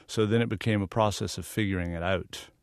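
A man's voice: fairly low pitch, fairly even intonation, brisk, clear, resonant tone, no echo, studio quality. A man from the American South, a guest photographer answering earnest, explanatory interview questions. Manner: earnest and explanatory, sometimes laughing. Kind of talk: radio interview.

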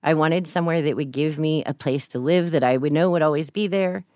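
A woman's voice: deep voice, fairly quick, warm tone, no room sound, clean studio sound. A woman from Texas, speaking as an interview guest, telling her own story in a casual, candid way.

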